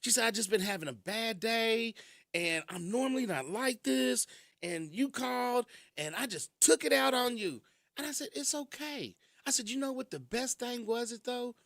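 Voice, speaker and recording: Animated high-pitched man hosting radio. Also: normal speed, no room sound, studio quality. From Kentucky. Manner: animated storytelling, laughs often. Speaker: radio host. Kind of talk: casual radio talk. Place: radio studio. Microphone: studio mic.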